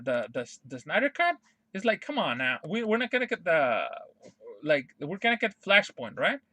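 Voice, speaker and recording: Bright high-voiced man ranting, heavy swearing. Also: no room sound. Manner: profane, emphatic, repeats himself. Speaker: streamer. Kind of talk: casual ranting monologue.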